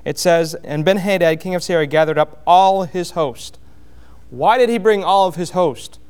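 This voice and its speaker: A man preaching a sermon, explaining a Bible passage verse by verse in a plainspoken way, with frequent pauses and restarts. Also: high-pitched, darkish tone, smooth. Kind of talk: sermon, expository Bible teaching.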